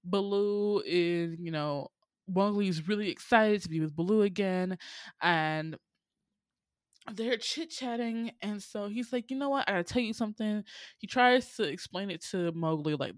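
A casual host recapping a cartoon plot in slangy, rambling speech with lots of fillers. The voice sits at a middle pitch and is recorded dry and close. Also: unhurried, no echo.

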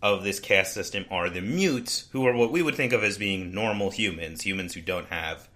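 Podcast co-host, male, fairly low and bright voice, loose and rambling delivery. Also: normal speed. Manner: rambling, with frequent restarts and "like". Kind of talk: casual book discussion.

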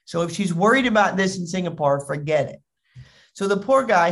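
An animated speaker delivers a humorous talk on parenting. Short acted-out anecdotes and lively storytelling carry the talk. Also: mid-range voice, brisk.

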